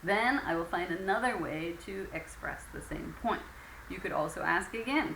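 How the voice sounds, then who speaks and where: With a fairly low, expressive voice showing vocal fry and a bit of brightness, a woman teaches English conversation at normal speed in a recorded lecture. She stays patient, uses lots of fillers, and performs example phrases, and the echoey room adds faint ambient noise.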